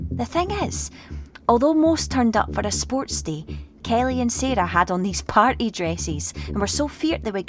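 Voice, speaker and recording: A woman reading a first-person storybook as an expressive child narrator. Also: fairly high pitch. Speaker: audiobook reader. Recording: read over clear music.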